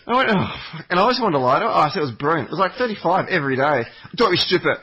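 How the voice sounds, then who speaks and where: A man talks in a husky, forceful voice, rambling through stories and swearing freely. It is a casual podcast chat. The recording is dull and lo-fi. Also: on the high side, big pitch swings, rapid-fire. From Australia. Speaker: podcast guest.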